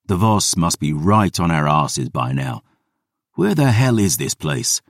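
A man voicing a gruff, sardonic hero in an audiobook, grumbling and sarcastic. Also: low voice, very animated, a little slow, no room sound, studio quality, heavily acted. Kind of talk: audiobook character reading.

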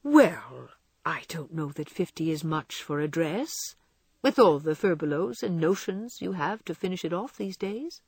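A woman voicing a young husband in a storybook reading, speaking low, quiet and dry. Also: expressive, a little slow, husky, dry recording, exaggerated voice. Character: young husband, good-humoured but hurt.

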